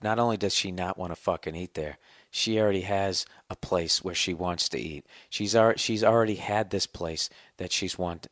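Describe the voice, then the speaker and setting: A man's voice: low-pitched, no echo, clean studio sound. A middle-aged man hosting a podcast, telling a profane, sarcastic, ranting comedic monologue. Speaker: podcast host.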